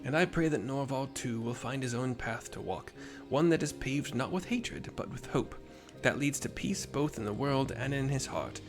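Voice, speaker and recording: A man's voice: medium pitch, animated, normal speed, few pauses, music in the background, natural voice. A man reading the lines of a wise old male mentor in a game, in a reflective, formal way.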